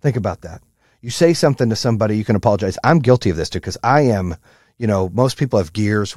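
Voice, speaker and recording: A man giving a blunt, profane motivational rant, high-strung and fired up. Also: expressive, fairly quick, a little mellow, no room sound, clean studio sound. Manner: blunt, heavy swearing, fired-up. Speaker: motivational speaker.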